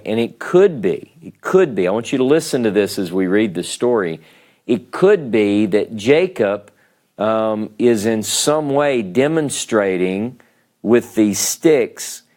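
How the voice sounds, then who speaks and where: A man leads an informal Bible lesson in a voice of ordinary male pitch. He talks it through in a conversational way, thinking aloud and dropping in wry asides as he goes. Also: a little mellow. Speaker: Bible teacher. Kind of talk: informal scripture teaching.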